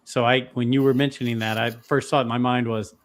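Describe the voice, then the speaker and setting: A man's voice: mid-range voice, little pitch movement, a little fast. Upbeat man hosting a podcast. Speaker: podcast host. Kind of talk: casual chat.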